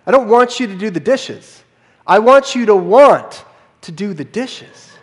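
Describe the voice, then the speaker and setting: A man's voice: high-pitched, animated, unhurried, husky, big-room sound, pitched above the performer's own voice, exaggerated voice. A man voicing a frustrated young woman who insists she needs help, while retelling a film scene in a sermon. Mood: pleading. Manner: pleading, insistent.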